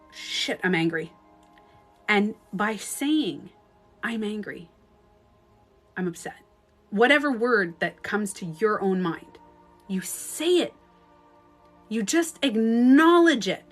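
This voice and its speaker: A woman's voice: mid-range voice, lively intonation, unhurried, a bit bright, faint music behind. Frank, swearing woman coach. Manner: frank and emphatic, swears freely; acts out inner thoughts in quoted asides. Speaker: beauty and relationship coach. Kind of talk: casual livestream advice talk.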